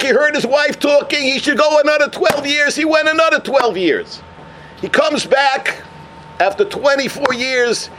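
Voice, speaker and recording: A man telling stories in a sermon as a Torah teacher, animated, with Hebrew and Yiddish terms woven into his English. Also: very high-pitched, background noise. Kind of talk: sermon storytelling.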